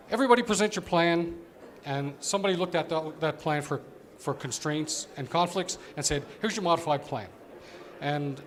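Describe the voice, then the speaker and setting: A man giving a conversational conference presentation as an operations executive, explaining with fillers. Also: fairly high pitch.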